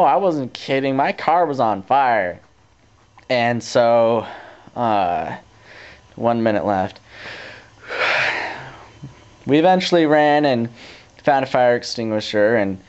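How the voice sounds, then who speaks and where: A teenage boy casually telling a story to his camera, rambling with restarts and growing animated as he retells it. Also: mid-range voice, clean tone. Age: teens. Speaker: vlogger. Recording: dull lo-fi camcorder tape audio.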